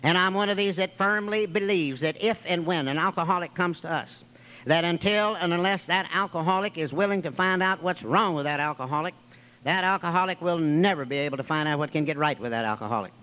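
Fairly quick and on the high side, this man's voice sounds pushed and bright over poor audio. He shares his story at a recovery meeting in a wry, folksy way, rattling off long piled-up lists.

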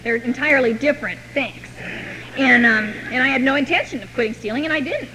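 A woman telling her own recovery story to a meeting, with wry, deadpan humor. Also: sits high, a little fast, a little hiss or hum, low-quality recording. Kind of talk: personal recovery story told to an audience.

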